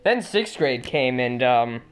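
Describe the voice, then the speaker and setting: A man's voice: medium pitch, sing-song, takes it slowly, clear, resonant tone. Chatty teenage boy chiming in. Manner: chatty, interjects and corrects details. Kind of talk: casual storytelling chat.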